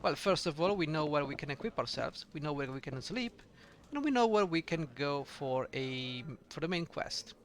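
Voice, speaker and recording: A man's voice: fairly high pitch, lively intonation, moderate pace, fairly bright tone, a little hiss or hum. A man hosting a let's play, giving casual, joking game commentary.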